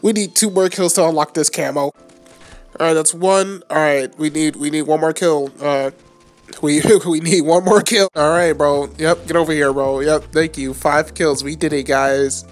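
A man giving live gameplay commentary at home late at night, trash-talking opponents and swearing a lot, with sudden high-pitched yells. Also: moderate pace, soft background music. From United States. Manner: excitable trash talk with frequent swearing. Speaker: gaming channel host.

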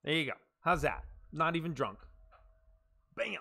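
A man streaming a game live, cheering on viewers with chanted catchphrases and muttering low asides in between. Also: very animated, a little slow, gravelly, bright, forceful tone.

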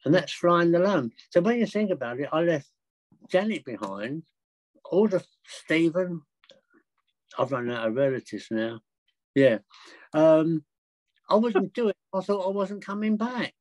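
An older man telling travel stories as a podcast guest, chatty and excitable, with frequent laughs. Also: fairly high pitch, measured pace, long pauses, no room sound, rough recording. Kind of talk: anecdotal storytelling.

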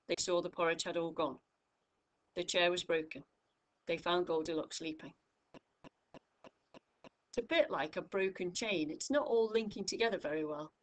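With a slightly low, somewhat bright voice, this UK-born woman tutors English grammar. Each example phrase gets extra emphasis as she talks learners through it, patiently and clearly.

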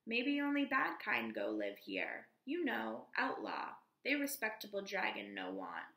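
A woman reading aloud voices an earnest young boy who speaks in halting, broken English and struggles to find his words. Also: mid-range voice, wildly swooping pitch, bright, forceful tone, reverberant, full character voice, low-quality recording.

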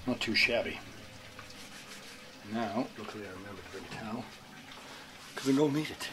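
A man making bread in a kitchen, talking casually through each step with self-mocking jokes. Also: lowish voice. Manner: self-mocking, joking asides. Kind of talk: casual cooking demonstration. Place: home kitchen. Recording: loud background noise, running water.

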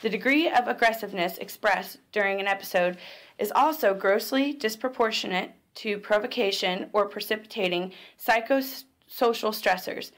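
Woman narrating a documentary, calm and clinical, mid-pitch. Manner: measured, clinical.

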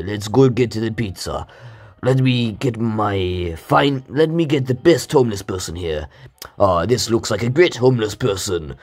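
A man's voice: medium pitch, a little mellow. A man with a bad cold commentating a mobile game, yelping and pleading in comic panic. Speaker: gaming channel host. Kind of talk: gameplay commentary. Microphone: playing on mobile.

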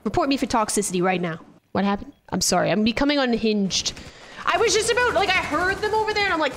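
A woman streaming a shooter game, chatting casually with profane, excitable trash talk. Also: high-pitched, fast talker, a little hiss or hum. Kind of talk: casual gameplay commentary.

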